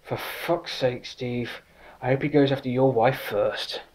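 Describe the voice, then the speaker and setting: A man's voice: medium pitch, steady tone, moderate pace, darkish tone, natural voice. A man doing a swearing, jealous customs officer. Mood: alarmed. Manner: swearing, alarmed, blunt. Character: crude, jealous male customs officer named Dave.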